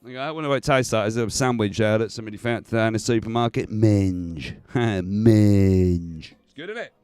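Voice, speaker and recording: A man's voice: mid-range voice, rapid-fire, clean tone, no echo. A man hosting a casual livestream, chatty and swearing, laughing often. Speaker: livestream host. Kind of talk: casual stream chat.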